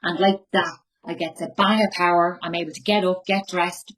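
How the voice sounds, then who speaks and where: A woman's voice: on the low side, fairly even intonation, moderate pace, fairly bright tone, low-quality recording. A woman in her forties with a Tipperary Irish accent, giving a raw, emotional recovery share from her bedroom at home, swearing freely. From Ireland. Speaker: recovery meeting speaker.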